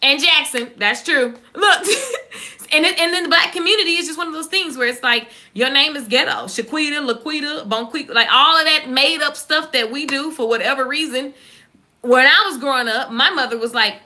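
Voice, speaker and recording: A woman with a Southern accent chats to her channel's viewers, joking and reacting to comments. Her voice sits a bit high and sounds bright and forceful. She talks fast and loose, like she's among friends. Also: lively intonation. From Southern United States. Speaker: YouTuber. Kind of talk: casual live-stream chat.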